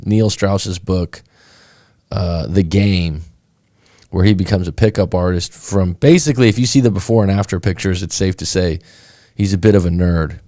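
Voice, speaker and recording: Speaking as a breakup coach on an easygoing live stream, a man drifts and rambles, circling back with fillers and false starts. His voice sits low and mellow. It's recorded close and dry, with no echo.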